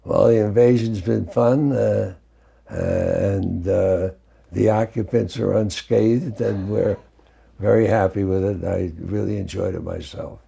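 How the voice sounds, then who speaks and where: A man speaking as a guest on a business show, slow and halting, with a dry humor. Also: lowish voice, steady tone, gravelly, mellow, breathy edge. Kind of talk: casual chat.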